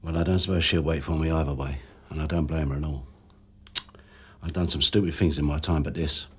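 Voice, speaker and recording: An actor playing a rueful captured armed robber who talks wryly about the thrill of crime. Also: male voice, rumbling low, fairly even intonation, a little fast, a bit bright, breathy edge, heavily acted. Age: 60s. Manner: wry, confiding, storytelling. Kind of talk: TV police drama acting.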